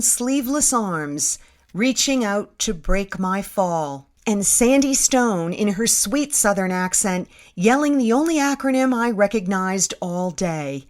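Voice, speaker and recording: A middle-aged woman telling her own story as host, with wry, self-deprecating humor. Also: medium pitch. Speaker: host and narrator. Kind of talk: first-person storytelling narration.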